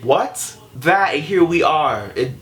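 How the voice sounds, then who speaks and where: A man's voice: medium pitch, normal speed, fairly bright tone. A man talking straight to camera in a vlog, passionate and exasperated, firing off rhetorical questions. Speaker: vlogger. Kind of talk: opinion vlog rant.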